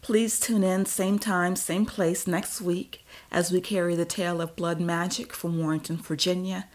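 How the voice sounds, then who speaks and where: Woman reading a dark story aloud. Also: lowish voice. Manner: measured, even storytelling. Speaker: narrator. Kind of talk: audiobook reading.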